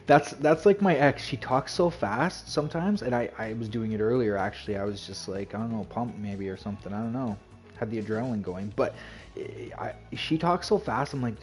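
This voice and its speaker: A man's voice: mid-range voice, brisk, a little mellow, faint music behind. Rambling man chatting on stream. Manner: rambling, filler-heavy, self-interrupting. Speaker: game streamer. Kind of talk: casual stream chat.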